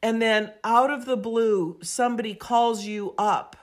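A woman guest on a podcast, telling an animated, emphatic story and acting out voices as she goes. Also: a little high, unhurried. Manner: acts out quoted voices, expressive and emphatic.

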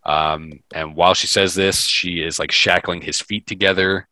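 Deep-voiced man recapping a film casually. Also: steady tone, normal speed, pushed and bright, dry recording, poor audio. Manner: loose and profane, sprinkled with ums. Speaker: podcast host.

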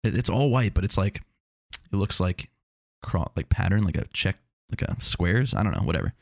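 Rambling low-voiced man, casual chat. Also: lively intonation, moderate pace, vocal fry, no room sound, clean studio sound. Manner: rambling, self-mocking, meandering asides.

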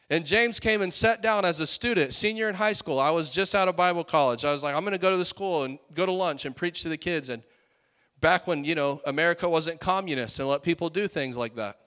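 A man in his late twenties preaching a sermon with fiery, rising peaks and quieter storytelling asides. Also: sits high. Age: late 20s.

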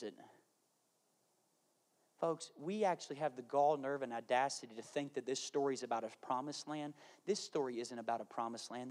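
A pastor with a medium-pitched, slightly mellow voice preaches a sermon, acting out voices and repeating phrases for effect. Faint music plays in the background.

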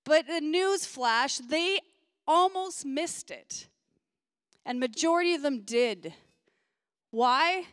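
A woman in her forties giving a sermon built around a personal story, chatty, often laughing and quick with asides. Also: sits high, fairly bright tone, no echo, clean studio sound. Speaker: pastor.

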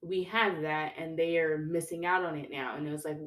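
A young woman with a notably low voice, talking casually as a podcast guest. She tells stories with animation and jumps her voice way up when she acts out what others said. The room around her rings with echo. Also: fairly quick. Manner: animated storyteller, acts out quotes with pitch jumps. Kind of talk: casual conversation. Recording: echoey room.

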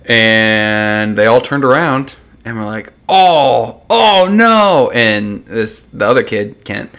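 A man in casual podcast chat, tossing in quick wisecracks and chuckling as he tells his own story. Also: on the low side, fairly even intonation, bright, forceful tone, clear, resonant tone.

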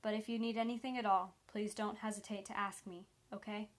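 A woman reading the lines of a calm, gentle male federal agent who speaks persuasively. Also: medium pitch, brisk, close to an everyday voice.

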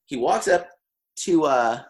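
A man's voice: on the high side, animated, slow. A young man telling a long anecdote in casual podcast chat, full of "like" and laughing through it. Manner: rambling, heavy on "like", laughs mid-story.

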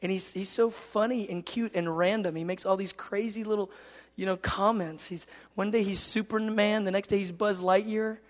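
High-voiced man preaching, impassioned then tender, long hall echo. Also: fairly even intonation, moderate pace. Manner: impassioned, swings from loud declaring to soft tender storytelling. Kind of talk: sermon.

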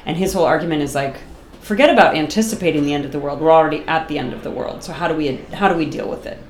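Talkative woman with a low voice. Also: racing, roomy sound, a little hiss or hum. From Boston, USA. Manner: animated, talkative, laughs often. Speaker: guest artist. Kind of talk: casual interview chat.

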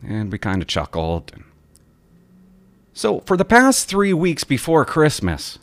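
Man, vlogger, casual rant, exasperated, animated, dry close sound. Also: a little high, a little slow, dry recording. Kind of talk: casual ranting monologue.

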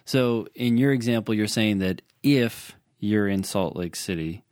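Guy with a lowish voice walking through logic examples, dry close sound. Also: unhurried, darkish tone, no echo. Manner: explains patiently with examples, repeats points. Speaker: LSAT tutor. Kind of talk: casual teaching chat.

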